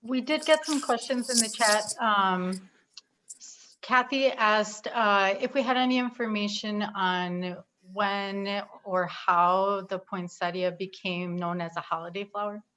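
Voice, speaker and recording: A woman's voice: medium pitch, measured pace, pushed and bright, rough recording. A woman moderates an online lecture, introducing the speaker and reading questions from the chat in a chatty way. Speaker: event moderator.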